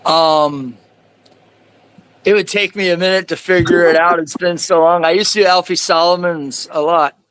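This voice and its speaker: A man speaking as a guest in casual conversation, telling stories in an animated way and acting out the people he quotes. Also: high voice, moderate pace, clean tone, low-quality recording. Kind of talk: casual storytelling.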